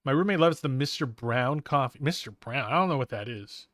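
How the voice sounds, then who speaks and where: This young man's voice is medium in pitch, animated, a little fast, and fairly bright as he chats playfully during a live drawing stream. He's tired yet wired on coffee, and the studio audio is clean with no echo.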